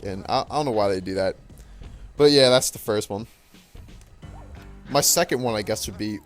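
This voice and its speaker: A teenage boy ranting casually over gameplay, rambling with lots of fillers and restarts in a puzzled tone. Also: fairly low pitch. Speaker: gaming channel host.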